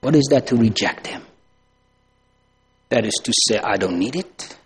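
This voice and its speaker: A man preaching a sermon, asking rhetorical questions and swinging from loud emphasis to hushed tones. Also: medium pitch, expressive, normal speed, husky.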